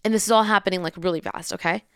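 A young woman telling a story in a lively, casual way, acting out the people in it and swearing freely. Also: fairly low pitch, racing, smooth, dry recording, clean studio sound. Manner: animated, acts out voices, swears freely.

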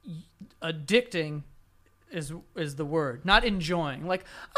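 A podcast co-host with a blunt, profane way of talking. His pitch swings widely as he teases his partner and argues his point in loose, casual chat. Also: slow. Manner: animated, mocking voices when quoting others.

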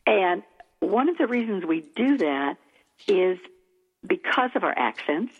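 A woman from Texas, a speech coach guest on a radio talk show, speaking in an emphatic, animated way. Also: mid-range voice, measured pace, breathy edge, phone-quality sound. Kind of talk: radio interview.

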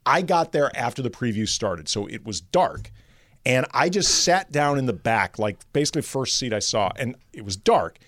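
A man chatting on a radio show, telling a story with lively acted-out quotes. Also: medium pitch, moderate pace, no room sound, clean studio sound. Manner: animated storyteller acting out quotes. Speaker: guest co-host. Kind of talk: casual radio chat. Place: radio studio. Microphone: studio mic.

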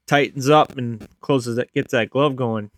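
A man's voice: mid-range voice, fairly even intonation, a little slow, fairly bright tone, dry recording, clean studio sound. A young man co-hosting a casual hockey podcast, loose and joking. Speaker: podcast co-host.

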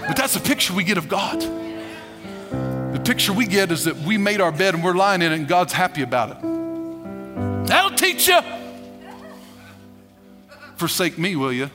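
A male pastor preaching a sermon to a congregation, emphatic and animated, laughing as he goes. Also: high voice, normal speed, long pauses, music in the background.

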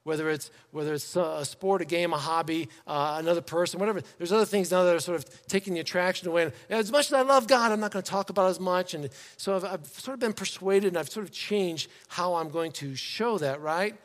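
A man preaching a sermon to his congregation in a church, in a conversational, animated way, slipping into quoted voices. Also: high-pitched, quick pace, hardly any pauses, long reverb tail. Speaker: pastor. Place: church sanctuary.

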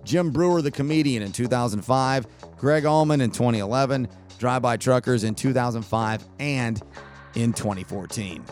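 A man's voice: medium pitch, moderate pace, soft background music. A man hosting his own podcast, telling a long festival story in a casual, rambling way and acting out the dialogue. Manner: rambling, animated retelling with quoted dialogue. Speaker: podcast host.

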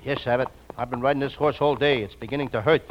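Boyish excitable guy doing comedy bits, muffled old record, loud hiss. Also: mid-range voice, fast talker. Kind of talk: comedy sketch.

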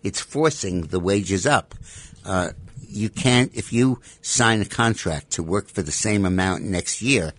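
A man with a fairly low voice delivers opinionated radio commentary. He is emphatic and stacks up repeated rhetorical demands. The sound is dry, with no room around it. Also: breathy edge, no room sound. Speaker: radio talk show guest commentator.

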